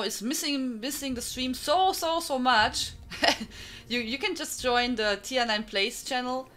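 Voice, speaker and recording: A woman from Germany with a strong German accent chats casually on a live stream, greeting viewers by name and laughing a lot. Her voice is on the high side, bright and forceful.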